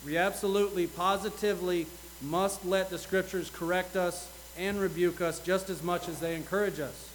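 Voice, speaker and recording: A man with a high voice preaches an earnest sermon to his congregation. He reads scripture aloud with rising intensity. A faint hum sits underneath the recording. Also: fairly even intonation, normal speed, poor audio.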